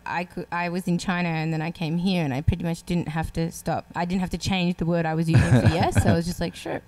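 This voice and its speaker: A young woman with an Australian accent, a singer-songwriter chatting as a guest in a relaxed interview and laughing easily. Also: fairly low pitch, fast talker. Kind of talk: casual interview chat.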